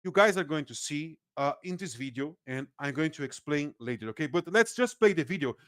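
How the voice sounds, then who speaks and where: Man, Brazilian accent, native Portuguese speaker, political analyst guest, lively, laughing, restarts sentences, fairly high voice. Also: brisk, no room sound, studio quality. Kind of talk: casual podcast interview.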